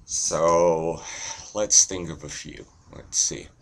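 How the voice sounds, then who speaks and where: A young man talking to camera in a slow, deadpan, rambling way with a deep monotone voice, swearing casually. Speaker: vlogger.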